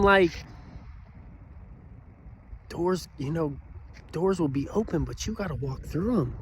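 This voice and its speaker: A man in his thirties giving a motivational talk to camera, earnest and preachy, who keeps asking "you know what?" and swings between loud bursts and quiet, low passages. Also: lively intonation, slow, long pauses, husky. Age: 30s. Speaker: motivational speaker.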